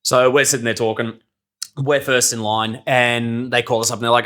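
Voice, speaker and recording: Speaking at a moderate pace with medium pitch and flat delivery, this young man's voice sounds pushed and bright. As a podcast guest and circus performer, he shares casual stories, cursing freely, laughing a lot and imitating what people said.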